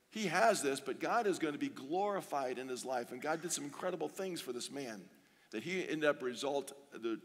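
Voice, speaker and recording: A man preaching in a large church auditorium, his fairly high voice trailing into a long hall reverb. He is earnest and slows down to read scripture aloud, repeating pleading lines for emphasis. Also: fairly bright tone. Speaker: pastor. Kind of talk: sermon.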